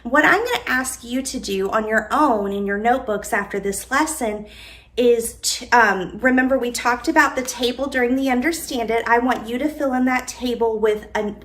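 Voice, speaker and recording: A woman teacher giving a recorded lesson, speaking slowly and deliberately and dictating sentences word by word. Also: a little high, fairly bright tone.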